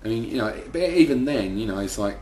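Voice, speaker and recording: A man's voice: mid-range voice, animated, quick pace, darkish tone, slight background noise. A man, telling rambling, swearing anecdotes in an interview. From London, second generation Irish. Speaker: band member. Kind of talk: casual interview storytelling.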